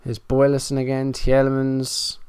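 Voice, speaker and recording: A man's voice: medium pitch, completely flat delivery, moderate pace, a little mellow, clean tone, dry recording. A man giving running play-by-play commentary on a football management game, frustrated and self-mocking. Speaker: gaming YouTuber.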